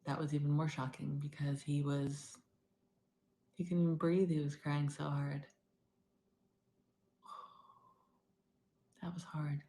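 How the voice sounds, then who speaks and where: A middle-aged woman talking candidly in a personal video diary, rambling and moving between loud bursts and near-whispers. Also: low voice, little pitch movement, moderate pace, a little hiss or hum. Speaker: vlogger.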